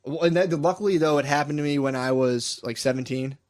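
A man's voice: a little high, a little fast, a little mellow. A young man telling a wild story in casual, profane chat, laughing often.

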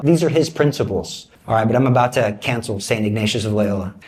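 A man with a high voice preaches an animated sermon. He mixes comic storytelling and quick asides with earnest exhortation, acting out the voices in his stories.

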